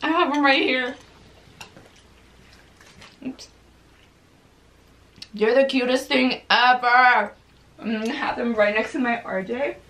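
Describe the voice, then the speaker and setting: A woman's voice: a little high, slow, pauses often, a bit bright. A young woman vlogger telling a story casually while eating, chatty and full of "like"s, swearing freely.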